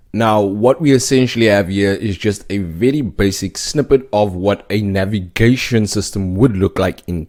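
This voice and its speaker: A man with a fairly low voice walks through a coding tutorial. He explains each step plainly and keeps checking in with a quick "okay?". He sounds like a teacher working through a lesson. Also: darkish tone. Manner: explanatory, often tags points with "okay?". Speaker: web development instructor. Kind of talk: scripted tutorial narration.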